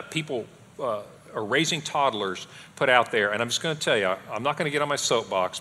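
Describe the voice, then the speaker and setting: A middle-aged man co-teaching a parenting class at a church, talking in an animated way and acting out what his family says. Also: mid-range voice. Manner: animated, acts out quotes of his kids and wife. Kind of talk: conversational teaching talk. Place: church hall. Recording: long hall reverb.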